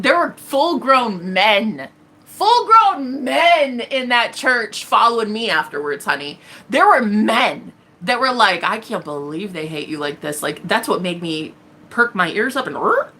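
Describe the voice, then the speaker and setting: A woman's voice: a little high, sing-song, unhurried, bright, forceful tone. A woman hosting a tarot livestream, speaking bluntly and defiantly, with plenty of profanity and acted-out quotes. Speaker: tarot reader and livestream host. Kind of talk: casual livestream monologue.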